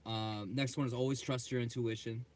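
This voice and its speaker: A man co-hosting a livestream, answering viewer questions in a relaxed, practical way. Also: mid-range voice, moderate pace, a little hiss or hum. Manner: relaxed, practical advice-giving. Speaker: co-host. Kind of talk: casual livestream Q&A.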